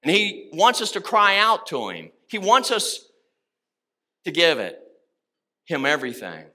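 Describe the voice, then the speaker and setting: Male pastor, high and very bright voice, impassioned sermon, swings from hushed to loud. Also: huge pitch swings, measured pace. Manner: impassioned, rising to shouts on key words.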